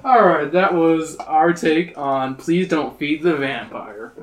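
A young man hosting a podcast, reading a gamebook aloud to friends, swearing and laughing, with animated voices for the characters. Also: a little high, slow. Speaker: podcast host.

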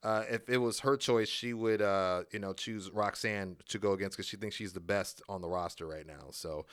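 Bright, crisp-voiced man recapping casually. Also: on the low side, fairly even intonation, normal speed, no room sound, clean studio sound. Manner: rambling recap with many fillers and restarts. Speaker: podcast co-host. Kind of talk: casual wrestling recap chat.

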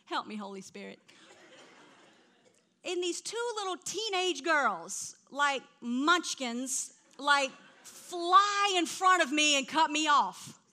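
High, bright woman preaching. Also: slow. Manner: animated storytelling, swings from hushed to loud. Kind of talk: sermon.

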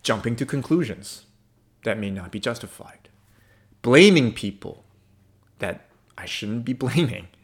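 Male pastor, sermon, animated intonation, emphatic, loud-soft swings. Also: mid-range voice, a little slow, long pauses. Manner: expressive, emphatic, shifts between loud and soft.

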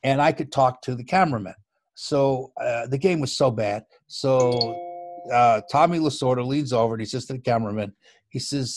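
A man telling a baseball story as an interview guest, animated and growing louder as the tale builds, often restarting his sentences. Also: normal speed, no echo, clean studio sound. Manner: lively storyteller who gets louder and higher as the story builds, with frequent restarts. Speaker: guest, former baseball TV broadcast producer.

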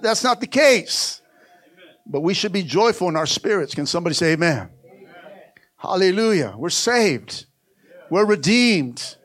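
A male pastor preaches a sermon in a church sanctuary, fervently urging the congregation to answer back through repeated call-and-response. His voice is high and a bit bright.

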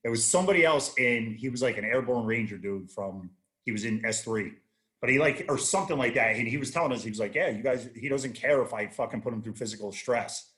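A man's voice: medium pitch, quick pace, a bit bright. A man in his thirties, a guest on a casual chat show, telling rambling, profane stories with many restarts. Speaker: podcast guest, army veteran.

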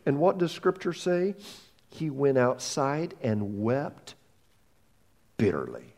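A man preaching a sermon, telling a story with animated voices and repeating words as he goes. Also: mid-range voice, slow pace. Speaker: pastor.

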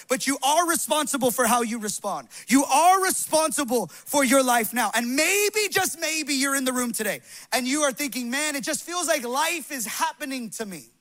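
High, bright-voiced passionate preacher man. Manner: preaching loudly, passionate and animated. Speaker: pastor. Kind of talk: sermon. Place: church hall before a congregation.

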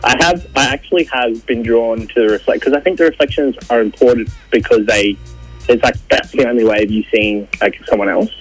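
Husky rambling comedy co-host man. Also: mid-range voice, dry recording, faint music behind, rough recording. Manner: rambling, musing, halting. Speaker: podcast co-host. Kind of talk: comedic banter.

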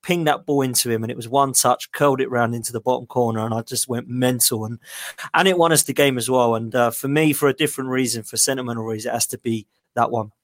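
Podcast guest, man, mid pitch, dry close mic, eager reminiscing. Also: quick pace, dry recording. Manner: enthusiastic, fond reminiscing. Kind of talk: casual football chat.

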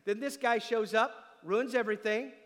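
A pastor preaching an emphatic sermon who calls out for an "Amen" from the congregation. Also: male voice, very high voice, steady tone, normal speed, long reverb tail. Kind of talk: sermon with live demonstration. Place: church sanctuary.

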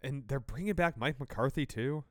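A man's voice: medium pitch, dry recording, studio quality. A man co-hosting a sports podcast, giving strong opinions and teasing his partner in casual chat. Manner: opinionated, animated, quick to tease. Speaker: podcast co-host.

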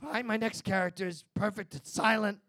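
A man's voice: high voice, steady tone, fairly quick, pushed and bright, husky. Frantic, over-apologetic man on stage. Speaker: comedian auditioning on stage. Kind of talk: comedy sketch performance.

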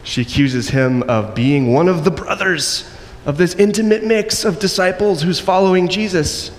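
A man's voice: high-pitched, moderate pace. Man preaching in an echoing hall. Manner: acts out quoted voices, varies loudness widely. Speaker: pastor. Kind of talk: sermon. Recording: long echo in a hall, faint noise.

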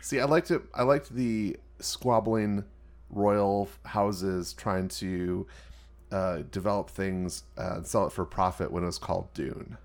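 A man's voice: low-pitched, steady tone, unhurried. A man in casual movie review chat, rambling and hedging with filler words.

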